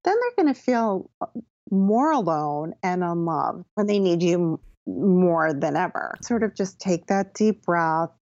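A woman guest on a podcast interview, calmly explaining parenting advice and acting out gentle things a parent might say. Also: on the low side, unhurried, dry recording, muffled recording. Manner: calm, explanatory, acts out gentle parent lines.

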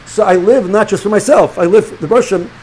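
A man's voice: high voice, fairly quick, a little hiss or hum, low-quality recording. A middle-aged man, a rabbi, giving an informal religious lecture to students, talking animatedly with many restarts and repeated words. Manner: animated, repeats and restarts words, sprinkles Hebrew and Yiddish terms.

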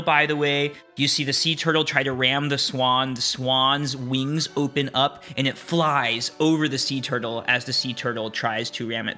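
A man runs a tabletop game and narrates the action with an upbeat manner, laughing often. His voice is bright and forceful, with faint music behind him. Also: medium pitch. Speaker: game master.

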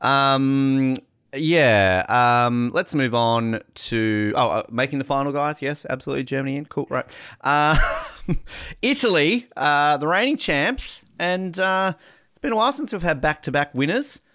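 A man hosts a relaxed panel conversation, wandering through his points with filler words and quick jokes. His voice sits at an ordinary middle pitch. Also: smooth. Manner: rambling and jokey, many fillers. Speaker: podcast host. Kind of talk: casual panel chat.

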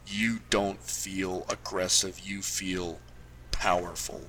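A man narrating as game master in a loose, halting way, with frequent restarts. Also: sits low, flat delivery, bright, forceful tone, faint music behind, low-quality recording.

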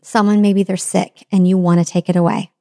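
A woman's voice: medium pitch, little pitch movement, brisk, dark tone, dry recording, clean studio sound. A middle-aged woman giving an earnest self-help talk on letting go, with repeated phrases and rhetorical questions. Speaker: motivational speaker.

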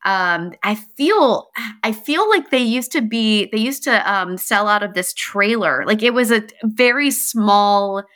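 A woman's voice: mid-range voice, expressive, unhurried, fairly bright tone. A woman from North Carolina co-hosting a beer podcast, tired, chatting casually with some stumbles. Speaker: podcast co-host. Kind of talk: casual chat.

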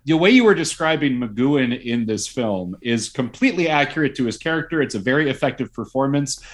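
A man chats as a guest expert on a podcast. He is opinionated and talkative, with a middle-pitched voice. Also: expressive, fairly quick. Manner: opinionated, chatty. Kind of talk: casual chat.

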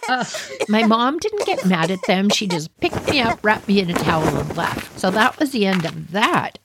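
Animated woman telling a childhood story. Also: mid-range voice, moderate pace, heavy background noise. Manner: animated, dramatic retelling with asides to listeners. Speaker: podcast host. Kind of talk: personal storytelling.

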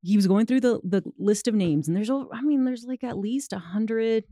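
A woman's voice: on the high side, moderate pace, mellow, no room sound, studio quality. A woman in her thirties from the United States, telling a personal story in casual conversation with many fillers. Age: 30s. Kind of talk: casual chat.

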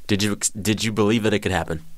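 A man's voice: fairly low pitch, fairly even intonation, fast talker, no room sound. A man hosting an interview in an easygoing way, laughing along with his guest. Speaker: host. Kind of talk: conversational interview.

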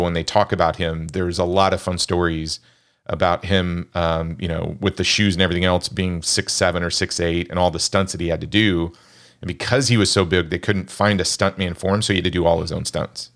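A man with a very low, deep voice talks about movies in a loose, rambling way. He is enthusiastic, and his speech is full of fillers and restarts. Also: a bit bright. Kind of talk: casual film podcast chat.

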